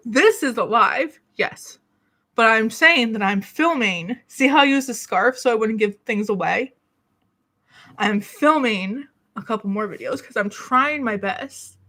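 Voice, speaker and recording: A woman's voice: a little high, bright, forceful tone. A woman chatting casually on her home vlog, rambling and self-deprecating, a little out of breath and coughing now and then. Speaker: beauty YouTuber. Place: small city apartment alcove.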